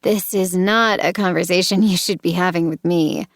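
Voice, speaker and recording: A woman reading the part of a charming but edgy young man in an audiobook, smooth and then suddenly intense. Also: lowish voice, steady tone, normal speed, no room sound, clean studio sound, close to an everyday voice.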